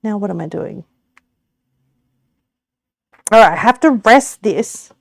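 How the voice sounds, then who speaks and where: A woman's voice: medium pitch, expressive, takes it slowly, creaky. An Australian woman streamer chatting casually with her viewers while cooking, giggly and rambling, often correcting herself.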